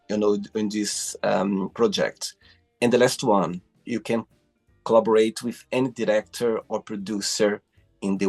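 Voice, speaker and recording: A man from Brazil hosting a casual interview over a video call, effusive and quick to exclaim. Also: lowish voice, vocal fry, darkish tone. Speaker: host.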